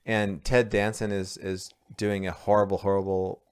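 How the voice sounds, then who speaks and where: A man's voice: on the low side, little pitch movement, normal speed, clear, resonant tone. A man co-hosting a podcast in casual chat, joking and teasing his friend. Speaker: podcast co-host.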